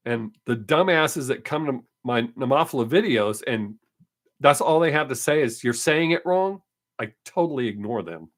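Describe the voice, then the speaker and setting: A man hosts his weekly live stream, chatting casually, answering viewer comments and dismissing his critics. His mid-range voice is expressive and his speed is normal.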